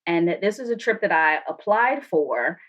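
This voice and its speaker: A woman's voice: lowish voice, unhurried. A woman who is a guest on a podcast, telling stories animatedly and acting out the people in them. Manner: animated, acts out quoted voices. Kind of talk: storytelling in a podcast interview.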